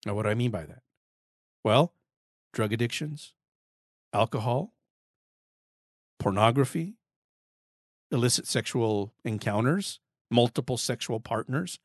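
A man's voice: mid-range voice, unhurried, long pauses, no echo, clean studio sound. Earnest man teaching the Bible. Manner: earnest, emphatic, repeats words when stressing a point. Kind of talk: Bible study teaching talk.

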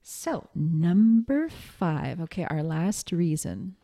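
A woman's voice: fairly low pitch, very animated, slow pace, vocal fry, dark tone. A middle-aged woman teaching fellow psychics in a loose, conversational way, with frequent fillers and laughs. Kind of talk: casual spoken teaching.

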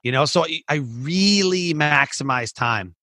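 A man's voice: fairly high pitch, animated, a little slow, sharp tone, no room sound. A man who hosts a podcast and coaches, chatting in a rambling way, full of "like" and restarts. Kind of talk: casual interview chat.

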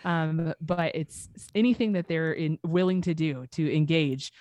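A woman's voice: deep voice, unhurried, a little mellow. A woman in her thirties, a guest author, talking in an earnest, encouraging way with many fillers. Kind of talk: casual interview chat.

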